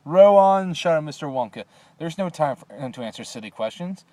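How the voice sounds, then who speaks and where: Guy doing a wild excitable candy-maker voice, way up high and loud, chanting rhymes like a storybook loon. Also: fairly quick, dry recording, natural voice. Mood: excited shouting. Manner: shouting, sing-song rhyming chant. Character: eccentric excitable male chocolate maker.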